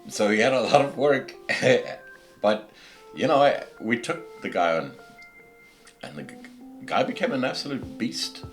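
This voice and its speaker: Passionate South African man, lively delivery. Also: mid-range voice. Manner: passionate, preachy, with many restarts. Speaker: podcast host. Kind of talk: casual podcast rant. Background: faint background music.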